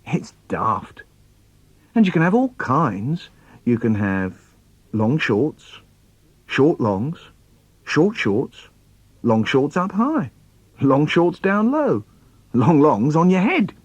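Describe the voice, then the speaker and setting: Reciting narrative poems for children, this Londoner sounds playful and expressive, his delivery swooping about. His voice is on the high side and slightly rough, slow with long pauses, in a dry recording.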